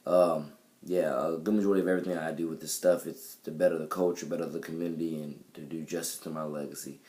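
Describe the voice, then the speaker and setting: A young man with an extremely deep voice talks straight into his camera, rambling through his thoughts with plenty of fillers and false starts. His delivery stays flat and even, with little rise or fall. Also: fast talker. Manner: rambling, many fillers and restarts. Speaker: vlogger and musician. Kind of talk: casual spoken video diary. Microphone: camera mic.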